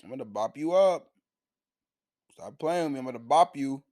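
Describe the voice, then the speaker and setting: A brash young boy, as a man voices him, makes loud, repeated threats. The tone is playful and rough. The sound is dry and close to the mic. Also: fairly high pitch, animated, fast talker, dry recording. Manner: boastful, threatening.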